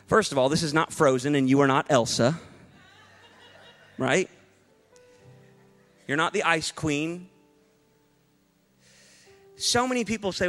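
A man's voice: on the high side, takes it slowly, pauses often, a bit bright, in a large hall, faint music behind. A male pastor preaching a sermon to a congregation, emphatic and rhetorical, with playful asides to the room. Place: church hall before a congregation.

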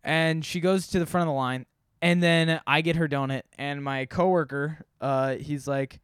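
Male storyteller, rambling and profane, clear voice, dry close sound. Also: fairly high pitch, fairly even intonation, normal speed, fairly bright tone, dry recording. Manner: rambling, self-deprecating, profane, many fillers. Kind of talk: casual storytelling.

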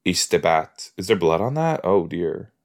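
A man putting on a pompous, slow-talking character with an odd accent and a theatrical, drawn-out delivery. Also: low voice, sing-song, a little mellow.

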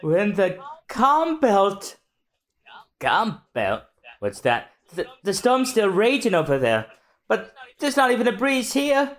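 Wry, lively podcast co-host. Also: medium pitch, slow pace. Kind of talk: casual chat, reading manga aloud.

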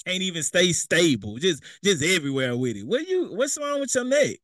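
A man's voice: sits high, big pitch swings, normal speed, a bit bright, no room sound. A young man preaching a sermon, talking plainly and conversationally, slipping into casual street phrasing and acting out what people say. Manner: conversational preaching with vernacular asides and quoted voices.

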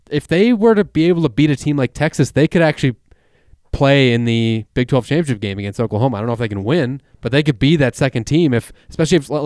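A man's voice: medium pitch, a little mellow, no echo, studio quality. A man co-hosting a sports talk show, breaking down games in an analytical, rambling way. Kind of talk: casual sports chat.

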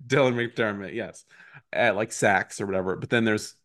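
A man's voice: lowish voice, normal speed, fairly bright tone. A man co-hosting a podcast in casual chat, self-deprecating and laughing often. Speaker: podcast co-host.

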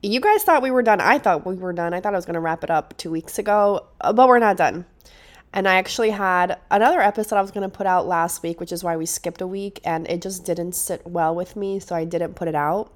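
A woman's voice: lowish voice, fairly even intonation, brisk, hardly any pauses. Stuffy-nosed young woman hosting chatty podcast. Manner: chatty and enthusiastic, with frequent restarts. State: stuffy nose from a cold. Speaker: podcast host. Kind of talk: casual solo podcast monologue.

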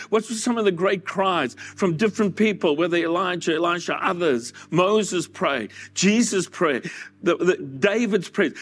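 A male pastor delivering a conversational, earnest sermon, sometimes acting out listeners' doubts. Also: high-pitched. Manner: earnest, conversational preaching with dramatized asides.

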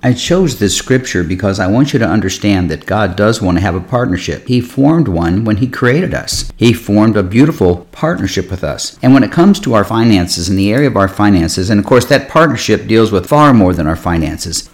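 A man, a pastor, giving a measured, earnest Bible teaching on his podcast and slowing down to read scripture aloud. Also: fairly low pitch, animated.

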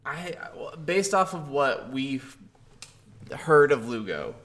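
A man's voice: mid-range voice, lively intonation, slow pace, fairly bright tone. A man in casual chat about a video game, agreeable and often backing his co-host with short replies.

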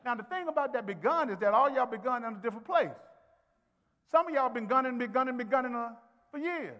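A high-pitched preacher man delivering a call-and-response sermon. His voice swings from soft asides to ringing shouts, with a long reverb from the church sanctuary. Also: animated, fast. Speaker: pastor.

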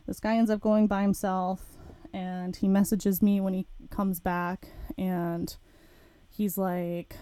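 A woman's voice: mid-range voice, little pitch movement, takes it slowly, warm tone, smooth, no echo. A woman podcast host telling a personal story in a candid, frank way, swearing casually.

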